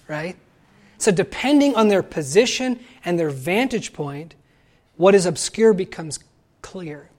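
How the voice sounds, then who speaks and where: A man giving a sermon, lively and conversational, acting out quoted voices and asking the listeners questions. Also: sits high, moderate pace. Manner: animated, acts out quoted voices. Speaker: pastor.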